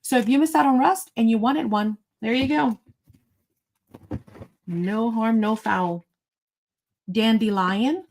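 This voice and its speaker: A woman's voice: fairly high pitch, takes it slowly, pauses often, a little mellow, rough recording. A woman hosting a live online sale, talking in a bubbly, chatty way and thinking aloud as she goes. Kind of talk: casual live-sale chat.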